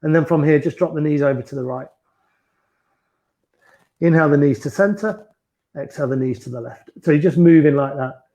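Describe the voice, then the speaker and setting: A fairly high-voiced man guides a beginners yoga class with soft, encouraging cues. He talks students through each stretch patiently, step by step. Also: a little fast, long pauses. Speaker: yoga instructor.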